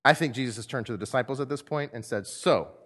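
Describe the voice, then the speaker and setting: Animated man preaching a sermon. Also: mid-range voice, fast. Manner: animated storyteller, acts out voices. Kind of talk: sermon with group discussion.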